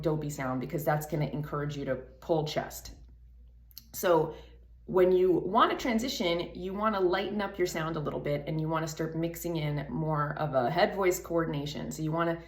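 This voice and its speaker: A woman's voice: lowish voice, echoey room. A woman vocal coach explaining singing technique in a chatty way, her voice still froggy from the morning. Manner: explanatory, chatty, laughs between points. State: froggy morning voice, not warmed up. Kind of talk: singing lesson.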